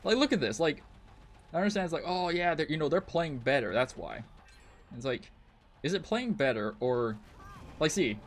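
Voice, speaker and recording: A man's voice: fairly high pitch, lively intonation, moderate pace, long pauses. A man streaming a game, ranting in frustration and swearing a lot as he comments on his play. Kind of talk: live gameplay commentary.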